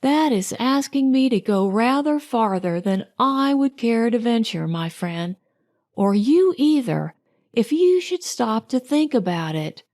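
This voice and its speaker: A woman voicing a proud, sharp-tongued young society woman in an audiobook, speaking slowly and with pointed distinctness. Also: a little high, expressive. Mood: cool, chiding. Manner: crisp and pointed, slow distinct delivery.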